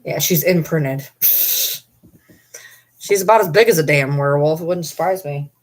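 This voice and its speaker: Low-voiced woman chatting casually. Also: normal speed. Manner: rambling and candid, with mild swearing. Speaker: vlogger talking to viewers and her dogs. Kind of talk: casual chat.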